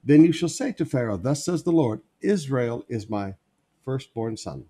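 A man's voice: mid-range voice, animated, moderate pace, warm tone, breathy edge. A man preaching a sermon, repeating key phrases for emphasis as he reads and explains scripture.

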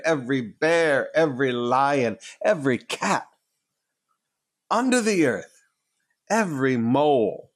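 A man preaching a sermon, emphatic and repetitive, dropping from loud declarations to hushed tones and chuckling between points. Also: fairly high pitch. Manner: emphatic, repeats words for effect, swings between loud and hushed.

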